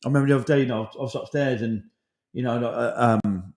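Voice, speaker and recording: Brisk, candid man in his 40s, podcast host, heavy swearing, rambling and heartfelt. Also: medium pitch, a little mellow. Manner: swears often, rambling, emotional. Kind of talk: casual chat.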